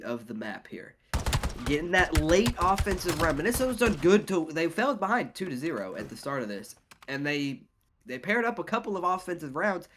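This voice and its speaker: A congested man casting a shooter match, talking through the rounds in steady analytical play-by-play. His voice sits a little high, and clear gunfire and game sounds run underneath him. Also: a little hiss or hum. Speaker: esports caster. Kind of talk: play-by-play commentary.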